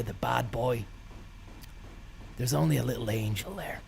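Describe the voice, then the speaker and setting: A young man, a comedian streamer, telling an absurd story in a deadpan, rambling, sweary way. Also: medium pitch, normal speed, creaky, long pauses, a little hiss or hum.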